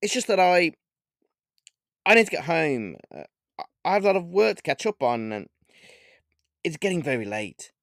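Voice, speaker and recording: A man's voice: on the high side, very animated, normal speed, fairly bright tone, dry recording, clean studio sound, voice pushed up. A man voicing a nervous, stammering woman. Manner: hesitant, stammering. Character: nervous woman werewolf, a teacher and mother. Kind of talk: audiobook character voice.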